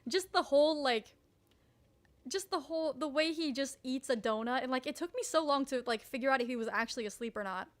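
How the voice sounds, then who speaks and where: A young woman streamer telling a story in casual chat, animated, swearing freely and leaning on "like" a lot. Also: high-pitched, fairly quick. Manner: animated, swears freely, heavy use of "like", laughs often.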